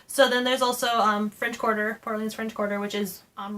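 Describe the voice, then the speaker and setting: A woman's voice: mid-range voice, level tone, normal speed, a bit bright, a little hiss or hum. A woman co-hosting a casual travel chat, explaining things in detail and laughing often. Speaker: co-host of a theme park travel channel.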